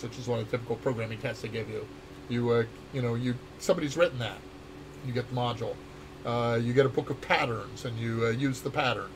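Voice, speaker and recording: Older male game designer, easygoing rambling chat, mid pitch, faint hiss behind. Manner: rambling, many fillers and restarts. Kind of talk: casual dev chat.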